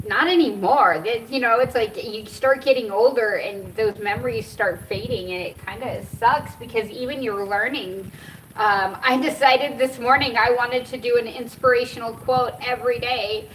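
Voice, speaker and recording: A woman's voice: on the high side, a bit bright, slight background noise. A middle-aged woman vlogging outdoors, telling a rambling personal story with emotion and frequent laughs. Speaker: cannabis and cancer vlogger. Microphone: camera set up nearby. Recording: distant outdoor camera mic.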